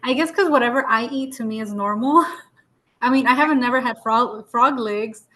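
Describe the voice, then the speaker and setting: Woman co-host with a slightly high voice, laughs easily and tells chatty anecdotes. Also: normal speed, sharp tone. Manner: laughing anecdotes with Spanish words and fillers. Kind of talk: casual chat.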